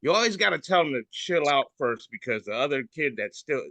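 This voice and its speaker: A man's voice: fairly high pitch, animated, brisk, pushed and bright, no room sound. A man hosting a casual podcast, describing memes in a joking, irreverent way over a video call. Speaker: podcast host.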